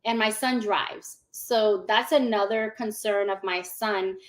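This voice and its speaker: A woman in her forties, a guest in a casual interview, telling her story in an animated way, laughing often and acting out what people said. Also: mid-range voice, slow pace. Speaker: guest giving a testimonial.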